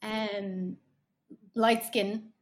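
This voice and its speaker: A woman in her thirties, chatting casually on a podcast and telling animated stories full of fillers and restarts. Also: medium pitch, drawn-out words. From Ireland.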